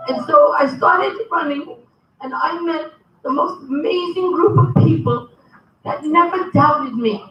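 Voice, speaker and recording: A woman telling a humorous personal story at a convention, lively and animated as she acts out the conversations. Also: high-pitched, a little slow, slight background noise. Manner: lively storyteller, acting out dialogue. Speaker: convention speaker. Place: convention hall. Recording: echoey hall, from far off, dull.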